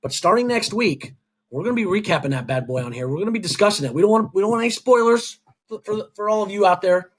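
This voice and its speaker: A man's voice: high-pitched, animated, fast, husky. A man co-hosting a podcast, teasing dryly and talking up what comes next. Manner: dry teasing, upbeat promo talk. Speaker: podcast co-host. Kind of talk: casual podcast banter.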